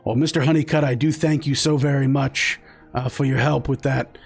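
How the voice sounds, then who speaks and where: A gravelly, stammering country farmer, shaken but grateful, voiced by a man running a tabletop game. He talks plainly, with an easy rural drawl and a middle pitch. Faint music plays under him. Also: fairly even intonation, normal speed, a little mellow.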